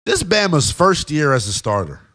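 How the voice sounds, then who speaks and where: A man's voice: a little high, moderate pace. A man giving an emphatic football analysis monologue, talking straight to his viewers. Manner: emphatic, animated, addresses viewers as guys and y'all. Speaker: sports commentator.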